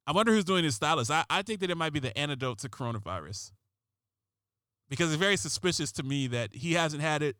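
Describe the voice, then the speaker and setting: A man's voice: fairly high pitch, expressive, quick pace, pushed and bright, clean tone, no room sound. Sarcastic man ranting in a dry monologue. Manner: sarcastic, rambling, many restarts. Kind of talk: comedic political monologue.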